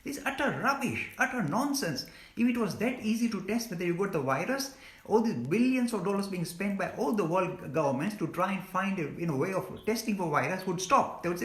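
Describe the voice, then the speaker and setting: As a guest speaker on a live stream, a man gives an earnest, impassioned talk and takes questions, emphatic and scolding, often repeating words. His voice is high, expressive and brisk, and the sound is reverberant.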